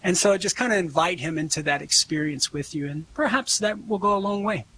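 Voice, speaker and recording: A man's voice: high voice, brisk, sharp tone, slight background noise. A man answering callers on a call-in show, earnest and conversational, laughing easily.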